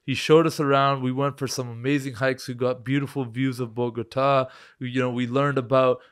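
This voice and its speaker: A young man hosting a podcast, telling stories in lively, slangy casual chat. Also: mid-range voice, a little fast. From Canada. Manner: lively storyteller, slangy, says bro and man. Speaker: podcast host.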